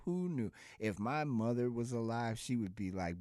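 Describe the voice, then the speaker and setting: A man's voice: mid-range voice, measured pace, no echo, studio quality. A middle-aged man from Chicago, hosting a radio show and signing off in a casual, laughing, giddy way. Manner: laughing often, giddy and animated. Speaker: radio host.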